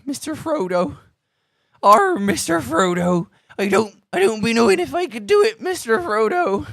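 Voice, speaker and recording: A man putting on a nervous little hobbit gardener playing at pirate, his voice pushed up high and loud. He pleads anxiously and wobbles between notes, in a dry sound. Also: sing-song, normal speed, creaky, no echo, exaggerated voice. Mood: pleading.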